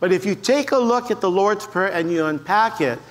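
A man with a high, light voice preaches to a church congregation. He is an animated storyteller who slips into the voices of the people in his stories. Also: normal speed. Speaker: pastor. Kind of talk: sermon with storytelling.

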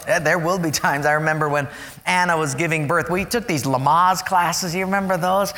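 A man preaching a sermon, animated and storytelling, acting out voices to make his points. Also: on the high side, fairly quick, big-room sound. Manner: animated, acts out voices and stories.

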